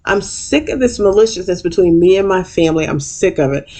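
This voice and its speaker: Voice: medium pitch, lively intonation, brisk, a little mellow, voice pushed up. A vlogger putting on an angry reality-show woman confronting a rival. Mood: accusing.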